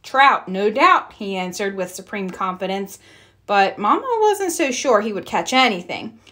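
A woman's voice: medium pitch, normal speed. A woman reading a children's storybook aloud, narrating and acting out the characters' lines. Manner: expressive, acts out characters' lines. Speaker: storybook reader.

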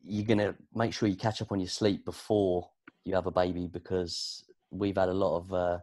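This is a British man talking as a guest on a relaxed interview podcast. His voice sits a little low, and he tells his stories in a lively, rambling way, full of fillers and restarts. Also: normal speed. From Britain. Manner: chatty, animated storytelling with frequent fillers. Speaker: podcast guest, sports producer and presenter. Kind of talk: casual conversational interview.

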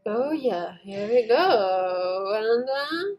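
Excitable woman gaming, slow lively talk. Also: on the high side, faint music behind. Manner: excitable, talks to the viewers while playing, shouts at jumps. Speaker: gaming YouTuber. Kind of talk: casual gameplay commentary.

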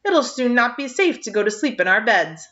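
A woman's voice: on the high side, sing-song, normal speed, pushed and bright, voice pushed up. A woman reading aloud voices a nosy older village woman who gossips in a disapproving way, recorded on a dull lo-fi track. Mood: gossipy.

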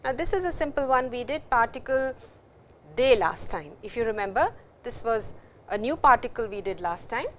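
A woman giving a recorded university language lecture, speaking slowly and patiently, repeating words and stressing how they sound. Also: a little high, lively intonation, fairly bright tone, a little hiss or hum. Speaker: language teacher.

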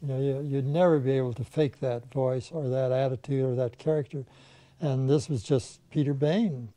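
A man's voice: medium pitch, fairly even intonation, moderate pace, dark tone, no echo. An older man, a veteran animation filmmaker, reminiscing in conversation and telling anecdotes in which he mimics the people he quotes.

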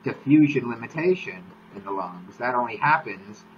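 Man, mid-pitched host lecturing on a live stream; teacherly and methodical, slightly muffled audio with a light hiss. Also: moderate pace. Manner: teacherly, steady, repeats key points to link concepts. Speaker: host, exercise physiologist. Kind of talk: explanatory live-stream lesson. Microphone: live-stream mic.

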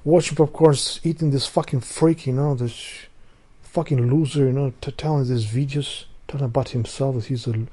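Rambling man, mellow voice. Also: medium pitch, fairly even intonation, normal speed, hardly any pauses, husky. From Albania. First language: Albanian. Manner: rambling, profane, loses his thread and restarts sentences. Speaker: vlogger. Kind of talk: casual rambling monologue.

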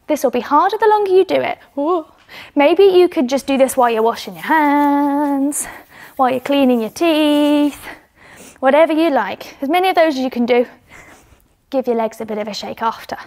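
Her voice is high-pitched and a touch mellow. She's a young British woman leading kids through gymnastics exercises at home, encouraging them and a bit breathless as she shows each move.

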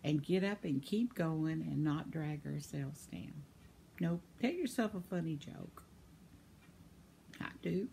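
A woman's voice: deep voice, expressive, slow, creaky, long pauses, mellow, slightly rough. A woman, chatting casually and laughing often as she reads viewer comments on her vlog. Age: 70s. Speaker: vlogger.

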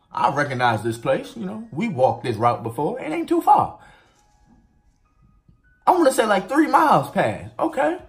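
A man casually telling a story to his viewers, animated and profane. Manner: animated, profane, swings pitch widely for emphasis.

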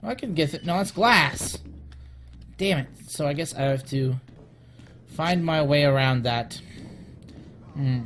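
A man's voice: fairly high pitch, slow, long pauses, fairly bright tone, slight background noise. Jumpy man narrating a horror game. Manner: jittery, talks to himself, yelps and shrieks when scared. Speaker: let's play host.

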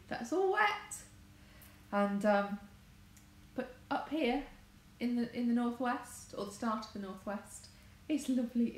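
A chatty woman from England talks to her livestream viewers, drifting from topic to topic and correcting herself mid-sentence. Her voice sits fairly high and swoops around animatedly. It is recorded in an echoey room with faint noise behind. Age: adult, married. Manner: chatty, wandering, self-correcting. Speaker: crafts vlogger. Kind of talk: rambling casual livestream chat. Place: home conservatory.

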